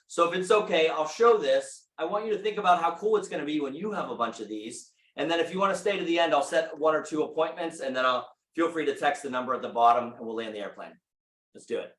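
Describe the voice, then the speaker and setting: A man giving an energetic motivational talk to a live audience, telling stories and asking the room questions. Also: on the high side. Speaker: speaker at a real estate meeting. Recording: echoey room.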